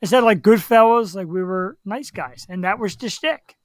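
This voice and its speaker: A man's voice: sits high, moderate pace, no room sound. A man hosting a talk show, telling stories and acting out tough-guy voices. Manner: animated storyteller who acts out tough-guy voices. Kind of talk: casual chat, storytelling.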